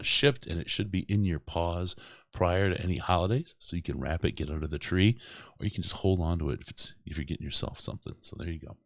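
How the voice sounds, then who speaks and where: A man's voice: deep voice, dry recording, studio quality. A man hosting a casual sports podcast, rambling and joking and laughing often. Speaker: podcast host.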